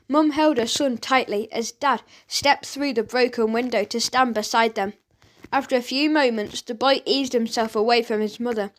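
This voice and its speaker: A woman narrating a children's audiobook in an expressive storytelling manner. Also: on the high side, moderate pace.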